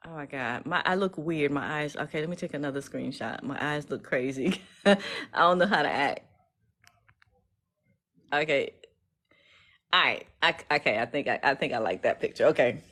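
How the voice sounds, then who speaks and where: A woman's voice: low-pitched, expressive, normal speed, pauses often, fairly bright tone. A woman speaking, casually chatting to her followers on a livestream, emotional and full of restarts. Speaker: legal educator streaming live.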